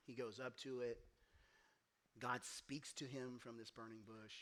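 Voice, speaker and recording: Taking it slowly in a mid-range voice, a man preaches a sermon as pastor at a church. He's animated while telling a story, voicing the quoted characters and turning loud and emphatic.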